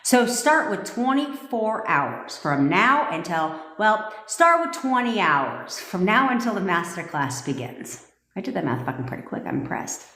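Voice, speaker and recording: A woman's voice: medium pitch, very animated, measured pace, bright, forceful tone. A woman manifestation coach talking on a livestream in a blunt, profane, commanding way. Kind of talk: livestream talk to viewers. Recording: echoey room with long reverb.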